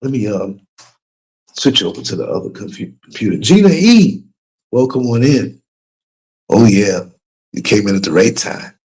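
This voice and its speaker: A middle-aged man tells a story to his livestream audience in a loose, casual way. His pitch moves a lot as he goes, and his tone carries a light huskiness. When he quotes other people, he lifts his voice higher. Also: animated, normal speed, long pauses, darkish tone, breathy edge. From United States. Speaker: livestream host. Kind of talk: casual storytelling to a live chat.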